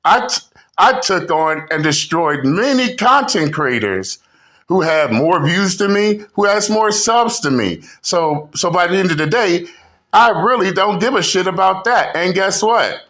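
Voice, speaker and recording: A man's voice: high-pitched, animated, a little slow, fairly bright tone. A man hosting a commentary channel, ranting combatively with insults and frequent restarts. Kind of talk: reaction rant commentary.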